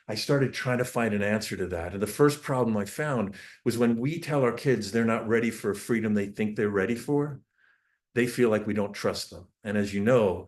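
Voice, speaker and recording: A man giving a parenting talk over a shared screen, telling family stories with earnest, restarting speech. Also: fairly low pitch. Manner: storytelling, acts out family dialogue. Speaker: parenting speaker.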